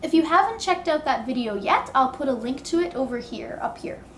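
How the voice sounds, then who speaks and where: Woman english teacher, high voice, spells out every sound real slow, echoey room. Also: lively intonation, fairly bright tone, slight background noise. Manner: slow, deliberate, exaggerated enunciation. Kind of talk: pronunciation lesson with drills.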